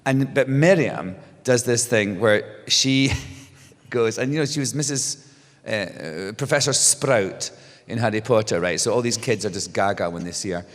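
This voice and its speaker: Middle-aged man, lively storyteller. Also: on the low side, moderate pace. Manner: animated storyteller, restarts, laughs often. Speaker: guest author. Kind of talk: casual onstage conversation. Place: stage before a live audience. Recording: long hall reverb.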